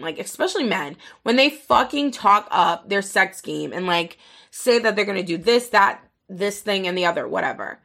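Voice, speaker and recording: A woman's voice: fairly high pitch, pushed and bright. A young woman hosting a podcast, telling a story in casual, frank, profane talk full of filler words. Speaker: podcast host.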